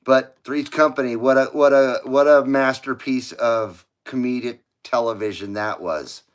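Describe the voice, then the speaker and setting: A man's voice: mid-range voice, unhurried, clear, resonant tone. A middle-aged man from the United States hosting a CB radio livestream, chatting casually and rambling, often laughing at his own jokes.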